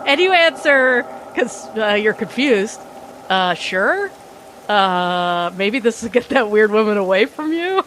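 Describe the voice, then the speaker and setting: Woman cohosting a podcast, lively storyteller, laughs a lot, does little voices. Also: mid-range voice, slow, slight background noise. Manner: animated, laughs often, acts out voices in stories. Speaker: podcast co-host. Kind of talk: casual chat, dramatic storytelling.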